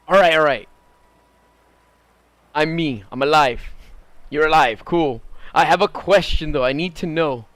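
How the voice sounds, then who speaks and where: Man, 30s, from Southern California, high voice, animated storyteller, dry close mic. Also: smooth, dry recording. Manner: animated, rising to excited high bursts when quoting himself. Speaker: streamer. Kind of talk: casual storytelling while gaming.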